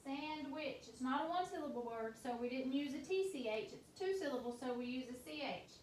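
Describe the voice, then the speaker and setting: A woman teacher leading a phonics dictation lesson, sounding out each word letter by letter in a slow, deliberate way. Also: high voice, lively intonation, darkish tone, distant mic. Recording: echoey room, voice off-mic, faint noise.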